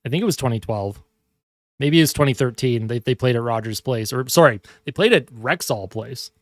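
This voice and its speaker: A young man giving casual live hockey play-by-play from his home, excitable and chatty. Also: mid-range voice, brisk, no room sound, clean studio sound. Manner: excitable calls that break off to coo at his cat. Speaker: fan streamer doing live play-by-play. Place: home room at his monitor.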